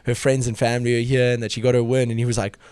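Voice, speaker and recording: A man's voice: medium pitch, flat delivery, racing, a little mellow, smooth, no room sound, clean studio sound. A man guesting on a podcast, chatting casually with frequent laughs and lots of "like". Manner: chatty, laughs a lot, says "like" often. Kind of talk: casual chat.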